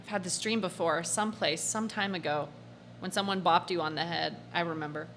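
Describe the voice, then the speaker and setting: A woman voicing a tired young male defense lawyer in a game, reading his thoughts softly and low. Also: fairly quick, a little hiss or hum. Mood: brooding.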